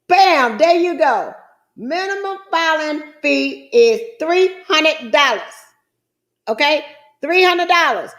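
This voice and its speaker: A middle-aged trucking business coach shares her screen to walk viewers through online business forms, folksy and chatty, calling them guys and child. Her high voice is slow and a bit bright, with lively intonation.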